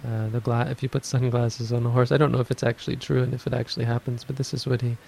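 A man teaches meditation in an unhurried dharma talk, thinking aloud through his points. His voice is gravelly and flat, held close to one level. A faint hiss sits under the recording. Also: medium pitch, poor audio. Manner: measured, explanatory, thinks aloud.

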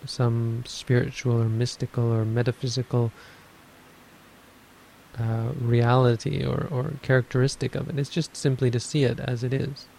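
A man giving a dharma talk on meditation, explaining in a measured way and thinking aloud as he goes. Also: medium pitch, flat delivery, creaky, darkish tone, a little hiss or hum, rough recording. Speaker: meditation teacher.

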